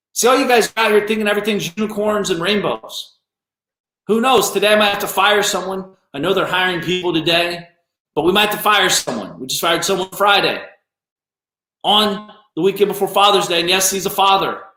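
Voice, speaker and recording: A man's voice: high voice, normal speed, bright, forceful tone. Blunt, scolding man in an echoey room. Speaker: business owner. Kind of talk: motivational live-stream rant.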